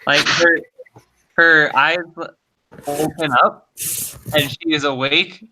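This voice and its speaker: A man's voice: on the high side, fairly even intonation, slow pace, sharp tone, slight background noise, poor audio. A man narrating a tabletop game as dungeon master, hesitant with many fillers.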